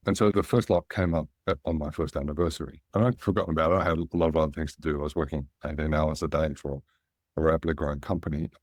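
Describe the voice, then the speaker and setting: A middle-aged Australian man, a guest in an interview, telling relaxed anecdotes and animating the voices of people he quotes. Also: rumbling low, fast, no echo, clean studio sound. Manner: anecdotal, animated when quoting others. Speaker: guest, angel investor.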